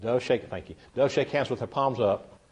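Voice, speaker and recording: Brief: man, seminar speaker, folksy storyteller who chats with the audience, mid-pitched voice. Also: moderate pace. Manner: folksy storyteller, chatty, addresses the audience directly. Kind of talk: humorous seminar talk to a live audience. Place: meeting room with a live audience.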